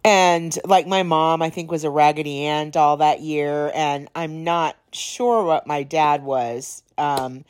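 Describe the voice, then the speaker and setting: Podcast host, female, low-pitched, unhurried; casual storytelling with a slight hoarseness. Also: fairly even intonation. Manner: rambling, laughs while telling stories. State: slightly hoarse, clearing throat.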